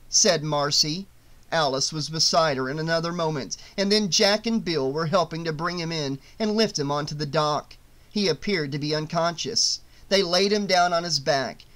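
A man reading an audiobook aloud in a steady, expressive way. His voice sits a bit high for a man. Quiet music plays faintly beneath him. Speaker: audiobook narrator. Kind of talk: audiobook narration.

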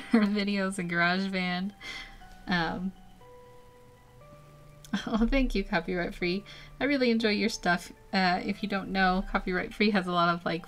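A young-sounding woman talks loosely to her viewers while she draws. She giggles through her sentences and drifts from topic to topic, filling pauses with "um" and "uh". Her tone is relaxed and conversational, like an easygoing live stream. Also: medium pitch. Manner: chatty and giggly, rambling with many fillers. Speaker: artist streaming a live drawing session. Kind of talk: casual live-stream chat while drawing.

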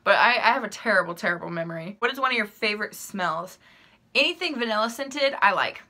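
Chatty young woman with a bright voice. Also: medium pitch, expressive, fast. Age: young adult. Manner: chatty, rambling, full of "like" and "um"; laughs easily, self-deprecating. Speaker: vlogger. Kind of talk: casual chat answering questions.

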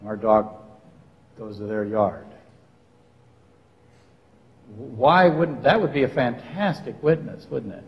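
A man's voice: mid-range voice, lively intonation, slow pace, gravelly, pauses often. A man giving a Bible lecture to a congregation, firing rhetorical questions at them and dropping dry, facetious asides. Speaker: Bible teacher. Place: church sanctuary. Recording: long reverb of a church hall.

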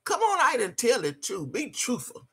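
Gravelly, profane woman ranting on a live stream. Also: fairly high pitch, huge pitch swings, normal speed, bright, forceful tone. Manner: profane, scolding, mocking, laughs often. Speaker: livestream host. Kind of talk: live-stream rant answering chat.

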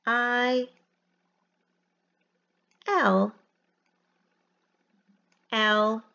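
A woman teaches a phonics lesson from home, sounding out each letter slowly and deliberately. Her voice sits a little high, and she keeps an unhurried classroom pace. The recording is dull and lo-fi. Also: fairly even intonation, vocal fry, bright, forceful tone. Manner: slow, deliberate, spells letters one by one.

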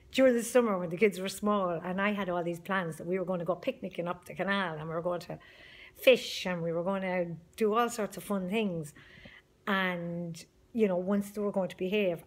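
A woman's voice: fairly low pitch, a bit bright. Brief: middle-aged woman, motivational group leader, chatty and emphatic. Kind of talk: motivational video message.

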